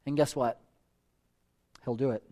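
A man's voice: mid-range voice, steady tone, unhurried, warm tone. A man preaching a sermon as a church elder, earnest and pleading, repeating phrases for emphasis and closing in prayer. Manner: ends in a spoken prayer.

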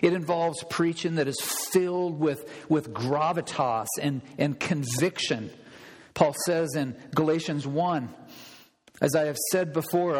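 A man's voice: on the high side, a little mellow, long reverb tail, low-quality recording. A man preaching a sermon as pastor, emphatic and repeating key phrases for stress.

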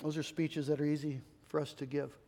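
High-voiced preacher in a reverberant hall. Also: male voice, flat delivery, a little fast. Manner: swings between loud emphatic preaching and soft confiding asides; frequent repeated words and restarts. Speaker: pastor. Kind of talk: sermon.

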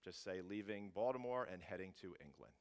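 Pastor guy preaching, voice all over the place, loud then quiet, keeps restarting. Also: sits low, brisk, clear, resonant tone. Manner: animated, shifting from loud to hushed, frequent restarts. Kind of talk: sermon.

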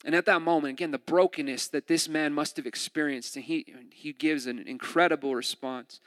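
A man preaching a sermon in a lively, conversational way, retelling a scripture story with asides and jokes. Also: mid-range voice, brisk, hardly any pauses. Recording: long hall reverb.

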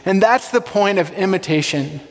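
A man with a notably high voice preaches a sermon in a relaxed, conversational way, often throwing rhetorical questions to his congregation. His voice rings out with the long reverb of a large church sanctuary. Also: moderate pace. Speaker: pastor.

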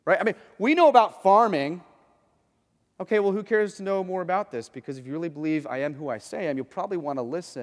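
Guy preaching, chatty and animated, kinda high voice, big echoey hall. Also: quick pace. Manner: animated, conversational, acts out quoted voices. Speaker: pastor. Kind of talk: sermon.

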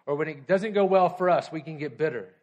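High-voiced man preaching a sermon. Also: fairly quick, darkish tone, muffled recording. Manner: conversational, often checks in with the congregation. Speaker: pastor.

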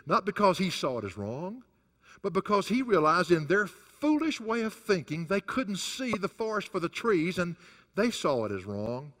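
A man's voice: sits high, sing-song, moderate pace, a bit bright, long reverb tail. A male pastor preaching a sermon who swings his voice up and down hard for emphasis. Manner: rises and falls sharply for emphasis, chuckles between points.

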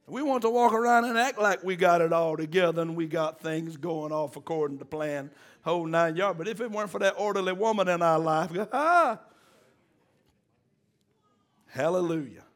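A man's voice: on the high side, brisk. A man preaching a sermon, exhorting the congregation in call-and-response and mixing in folksy jokes.

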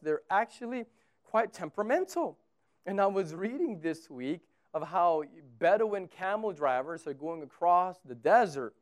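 High-voiced pastor preaching with swings. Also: male voice. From Texas. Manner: conversational preaching that swings from loud and emphatic to quiet and low. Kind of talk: sermon.

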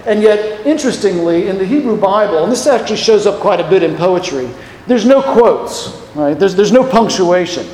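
Male preacher, high voice, animated delivery, roomy echo. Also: moderate pace, slight background noise. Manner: animated, acts out the voices of the passage. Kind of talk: sermon. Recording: echoey hall with long reverb.

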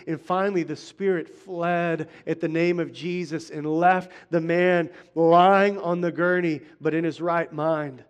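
A man's voice: a little high, steady tone, normal speed, few pauses. A middle-aged male pastor preaching a sermon in a conversational way, often restarting phrases and speaking straight to the congregation. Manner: conversational preaching, frequent restarts and direct address.

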